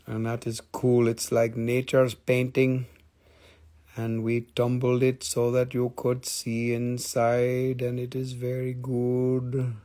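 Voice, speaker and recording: A man with an Appalachian American accent hosting a casual live crystal sale, chatty and excitable, swearing and reading out buyer claims. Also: medium pitch, slow. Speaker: live-stream crystal seller.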